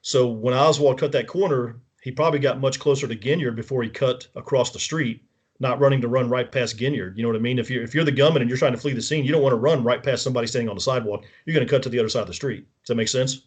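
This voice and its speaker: A man with a mid-range voice speaks quickly with a breathy edge, appearing as a show guest and casually walking through events step by step. He restarts sentences and corrects himself a lot, checking in with the listener along the way.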